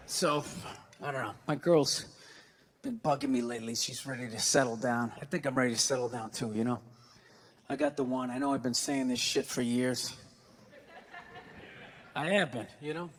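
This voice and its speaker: A man doing a stand-up comedy routine on stage, ranting profanely and breaking into shouts. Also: mid-range voice, expressive, moderate pace, vocal fry, pauses often, a little hiss or hum. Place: large venue on stage. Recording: hall reverb with faint ambience.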